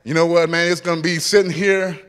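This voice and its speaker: A man giving an animated testimony as a guest speaker at a church, acting out scenes from his story. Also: fairly high pitch, fairly quick. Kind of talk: testimony sermon. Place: church hall. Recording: long reverb of a church hall.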